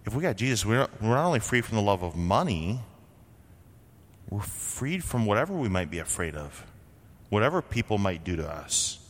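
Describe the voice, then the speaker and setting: A man's voice: lowish voice, sing-song, moderate pace, big-room sound. A man from Vermont preaching a sermon as a pastor, in a conversational way with frequent rhetorical questions. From Vermont, USA.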